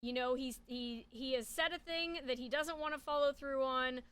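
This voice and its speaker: Chatty high bright-voiced woman. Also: steady tone, normal speed, smooth, no room sound. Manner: chatty, rambling, many fillers. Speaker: speaker giving a character analysis. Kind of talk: casual spoken analysis.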